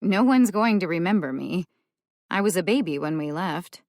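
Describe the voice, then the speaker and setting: A brash young woman with a sarcastic, teasing edge, pitched a touch higher and louder than the surrounding reading, as a female audiobook narrator puts her on. The sound is close and dry. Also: expressive, normal speed, dry recording. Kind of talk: audiobook character voice.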